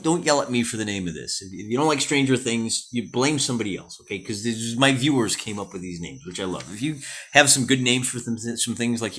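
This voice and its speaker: A man's voice: on the low side, fairly bright tone. An American man hosting a solo wargame session, chatting casually and thinking aloud as he works out sums and rolls dice.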